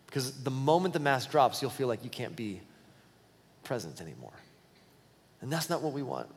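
A man's voice: medium pitch, big-room sound. A man preaching a sermon as a pastor, speaking in a candid, conversational style that tells stories and often restarts phrases.

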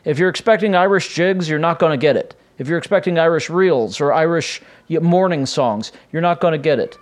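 Male podcast host, slightly high voice, casual solo talk, rambling, lots of ums and restarts. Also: a little fast. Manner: rambling, self-correcting, frequent filler sounds.

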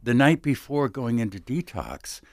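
A man's voice: mid-range voice, big pitch swings, a little slow, no room sound, studio quality. A man hosting a Christian radio talk show, speaking earnestly and emphatically about recovery and faith. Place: radio studio.

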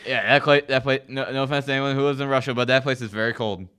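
A young man co-hosting a casual podcast who answers haltingly and goes along easily. His voice is bright and clear, with a smooth, crisp tone. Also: medium pitch, fairly even intonation. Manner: hesitant, easygoing, laughs along. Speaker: podcast co-host. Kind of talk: casual chat.

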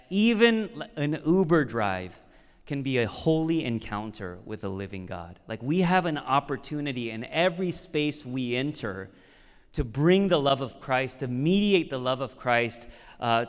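A man's voice: fairly high pitch, fairly bright tone, clear, resonant tone, in a large hall. A man who is a pastor, preaching a sermon and telling a personal story in an easy, conversational way, with frequent "right?" asides.

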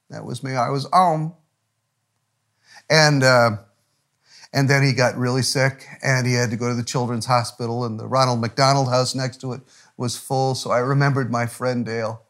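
A middle-aged man preaches as a pastor at a medium pitch. He tells a personal story with halting restarts. At tender points his voice drops low and hushed, close to a whisper. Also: level tone. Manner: storytelling with frequent restarts, softening to a near whisper at emotional moments. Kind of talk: sermon.

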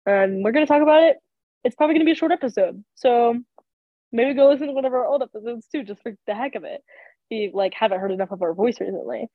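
A young adult woman co-hosts a casual faith podcast, her slightly high voice moving fast. She sounds congested and sick and rambles with plenty of fillers. The sound is tinny and phone-like, with a dry recording.

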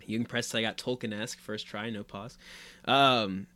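Male podcast co-host, bright tone, dry close mic, laughs easily. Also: lowish voice, steady tone, moderate pace, no echo. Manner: laughs often while reading out a listener email. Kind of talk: casual podcast chat.

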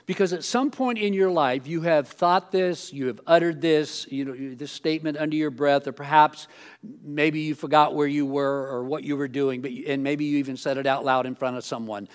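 Guy pastor giving a sermon in an auditorium, high voice, chatty with lots of "you know". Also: normal speed, clear, resonant tone. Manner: conversational preaching, many fillers and restarts; rising animated when mimicking others.

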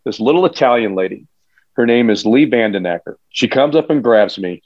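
A man, a high school football coach, telling stories in a casual podcast chat, earnest and emphatic with frequent restarts. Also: lively intonation, fairly quick, a little mellow, no room sound. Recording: dull, dry lo-fi sound.

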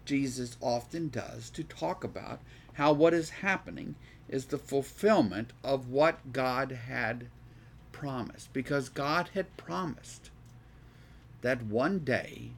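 A man leads a Bible study with a slightly higher-than-usual voice and a slow, unhurried delivery. He reads scripture aloud, then breaks it down conversationally, often repeating words as he thinks and tossing questions to his listeners. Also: vocal fry, a little hiss or hum.

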